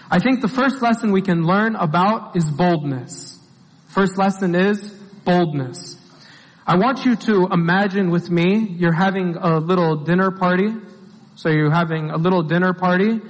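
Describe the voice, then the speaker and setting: A man's voice: high-pitched, big-room sound, low-quality recording. A man giving a conversational sermon, telling the story plainly and repeating key phrases for emphasis. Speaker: preacher.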